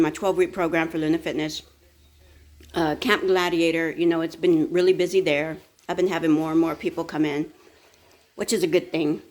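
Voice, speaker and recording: Tired fitness-coach woman, chatty morning vlog, slightly low voice, rambling delivery. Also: darkish tone. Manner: chatty, rambling, talks with her mouth full. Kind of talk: casual morning chat.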